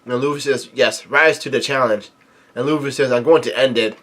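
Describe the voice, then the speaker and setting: A man reading a comic chapter aloud and commenting as he goes, hesitant with many fillers and easily excited. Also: mid-range voice, a little fast. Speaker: manga reviewer. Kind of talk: casual read-through commentary.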